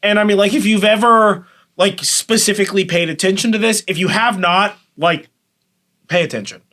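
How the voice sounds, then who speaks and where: A man's voice: high voice, steady tone, normal speed, pushed and bright. A man co-hosting a casual podcast chat, rambling and joking with frequent swearing. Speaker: podcast co-host.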